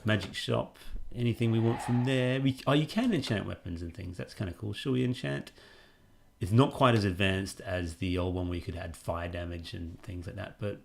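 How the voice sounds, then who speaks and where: A man, a game developer giving rambling, relaxed gameplay commentary with plenty of fillers. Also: low voice, normal speed, vocal fry, slight background noise.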